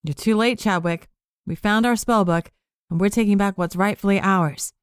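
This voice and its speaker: A bold young witch with a sharp tongue who speaks firmly, as a woman reads her in an audiobook. The voice is a bit raised and dry. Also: mid-range voice, moderate pace, clean tone, no echo, voice pushed up, natural voice. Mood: defiant. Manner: firm, demanding. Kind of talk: audiobook character reading.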